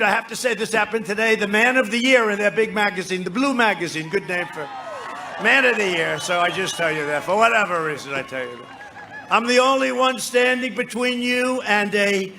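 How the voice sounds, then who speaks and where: A man in his seventies giving a rambling, repetitive, boastful campaign rally speech into a podium microphone, often shouting to the crowd. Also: high voice. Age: 70s. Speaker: politician addressing a rally. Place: large rally venue. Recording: noisy live rally sound.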